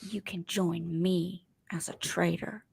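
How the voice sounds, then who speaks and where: A woman doing an eerily calm whispered menace. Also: on the low side, slow, gravelly, husky, full character voice. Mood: calmly menacing. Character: calm, unbothered woman dropping threats. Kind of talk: whispered role-play.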